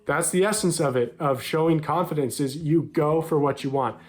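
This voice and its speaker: A man's voice: fairly high pitch, normal speed. A young American man coaching men on dating, talking straight to the viewer in an upbeat, direct way and acting out short quoted lines. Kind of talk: direct-to-camera advice talk.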